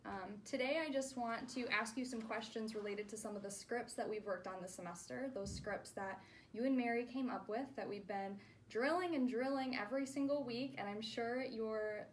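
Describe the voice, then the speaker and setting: A woman's voice: on the high side, normal speed, slight background noise. A woman speech clinician giving a therapy demonstration, patiently modeling words and praising each try.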